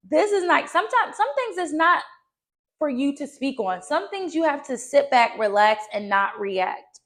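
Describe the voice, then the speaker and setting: A woman's voice: high-pitched, lively intonation, measured pace, a bit bright. A young woman giving encouraging, direct self-improvement advice to her viewers, repeating key phrases for emphasis. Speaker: lifestyle vlogger. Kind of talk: motivational advice to camera.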